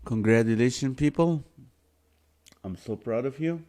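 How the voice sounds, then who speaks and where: Male livestream host, slow unhurried delivery, playful, reads viewer guesses aloud. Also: mid-range voice, warm tone. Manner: jokey, playful. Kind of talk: live-stream chat reading viewer comments.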